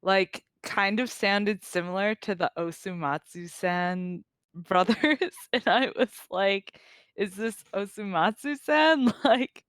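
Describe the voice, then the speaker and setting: A woman's voice: mid-range voice, takes it slowly, fairly bright tone, smooth, no room sound, clean studio sound. A woman co-hosting a podcast, chatting casually and making fun of herself. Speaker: podcast co-host. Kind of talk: casual chat.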